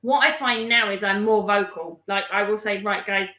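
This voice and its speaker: Woman co-host, casual and self-mocking, bright voice in an echoey room. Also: mid-range voice, moderate pace. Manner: chatty, laughs often, self-mocking. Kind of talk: casual chat.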